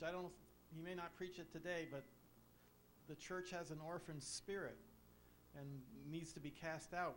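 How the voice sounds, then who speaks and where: A man's voice: on the high side, slight background noise. A man speaking earnestly to a congregation, introducing the next preacher with fervent praise. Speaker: pastor. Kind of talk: sermon introduction. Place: church before a congregation.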